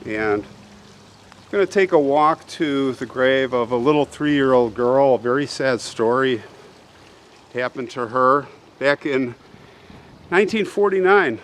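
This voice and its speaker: A man hosting a vlog, slowly and earnestly retelling a sad story on a walk through a cemetery, with pauses and restarts. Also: mid-range voice. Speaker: host. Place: outdoors at a cemetery. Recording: faint outdoor background noise.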